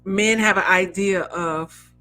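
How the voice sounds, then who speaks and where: A woman's voice: medium pitch, steady tone, slow pace, bright, forceful tone, faint music behind, low-quality recording. A young woman chatting candidly on a podcast, blunt and full of fillers as she stretches her stories out. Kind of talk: casual chat.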